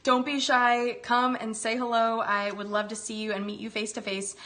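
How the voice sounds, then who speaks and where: A woman's voice: mid-range voice, little pitch movement, moderate pace, fairly bright tone. A woman hosting a casual live cooking demo, upbeat and gushing with chatty asides. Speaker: host demonstrating a recipe.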